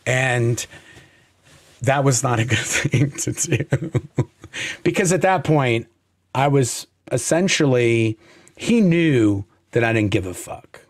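A man as a podcast guest, telling a story in a blunt, profane, animated way. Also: medium pitch, takes it slowly, pauses often, no room sound, studio quality. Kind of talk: casual storytelling interview.

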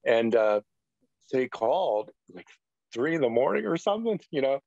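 A man's voice: mid-range voice, sing-song, normal speed, gravelly, darkish tone, dry recording. A middle-aged man, a retired pastor, giving a personal testimony in an interview, rambling earnestly with lots of "you know". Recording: dull, dry lo-fi sound.

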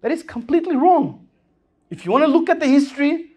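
A man's voice: extremely high pitch, very animated, brisk, soft background music. A man preaching a sermon in an Islamic center hall, in a fervent, rising-and-falling delivery.

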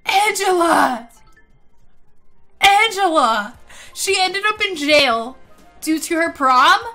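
A young woman doing excitable casual let's play commentary, gasping and saying like a lot. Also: very high voice, slow, faint music behind. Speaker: gaming YouTuber.

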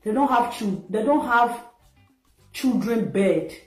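A woman's voice: fairly high pitch, lively intonation, takes it slowly, a little mellow. A Nigerian woman giving a scolding, mocking social media rant that slips into pidgin. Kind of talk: ranting commentary. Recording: echoey room with faint music.

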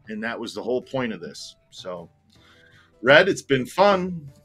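A man's voice: mid-range voice, pushed and bright. A man telling a personal story in casual chat, candid and rambling, swearing freely and growing emotional. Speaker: tour operator telling a story.

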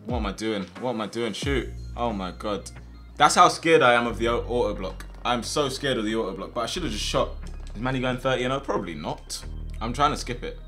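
A young man giving casual, slangy commentary over his own football video game matches, with sudden loud outbursts at big plays. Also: medium pitch, lively intonation, fairly quick, faint music behind. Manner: casual slangy chat to viewers. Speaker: gaming video host. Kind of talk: live gameplay commentary.

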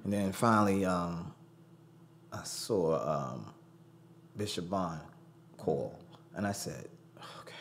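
Man, studio guest, low voice, swooping lively pitch, faint hum behind. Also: takes it slowly, long pauses. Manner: animated, acts out quoted voices. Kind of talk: storytelling interview.

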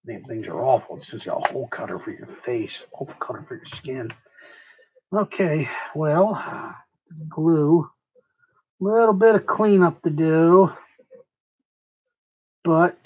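A man's voice: a little high, slightly rough, lo-fi sound. A man livestreaming while he works on a craft project, tired, rambling and profane, mocking himself as he goes.

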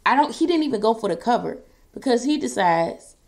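A woman vlogger talks straight to her viewers while doing her makeup. She tells the story in an animated, dramatic way and breaks into the voices of the people involved. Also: a little high, fairly quick. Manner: animated storytelling, quoting wrestlers in a raised voice. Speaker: beauty and wrestling vlogger.

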